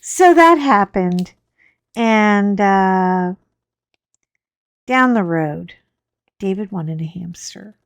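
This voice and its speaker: Lady rambling through a story while crafting, slow easy pace, dry close sound. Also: mid-range voice, no room sound. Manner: chatty, rambling, animated storyteller. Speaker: crafting channel host.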